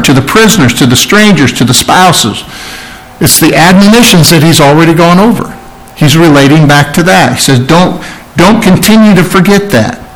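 A man's voice: on the high side, fairly bright tone, low-quality recording. Emphatic male pastor preaching. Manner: explains scripture verse by verse, asks questions. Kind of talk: sermon.

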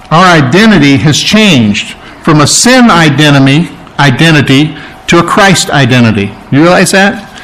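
A man with a high-pitched voice preaches a sermon. He talks in an emphatic but conversational way and often turns to the congregation with asides. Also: lively intonation, a little slow, fairly bright tone, low-quality recording. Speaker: pastor.

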